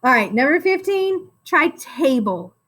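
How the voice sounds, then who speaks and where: A woman with a high voice teaches phonics to young children, sounding out each word slowly syllable by syllable. Her delivery is patient, unhurried and encouraging. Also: very animated, a bit bright.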